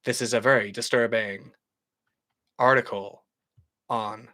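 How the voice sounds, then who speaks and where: A man's voice: medium pitch, fairly even intonation, sharp tone. A British man putting on a grave American narrator. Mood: mock-grave. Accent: put-on American. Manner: slow, grave, mock-ominous delivery. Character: deep-voiced male American true-crime narrator impression.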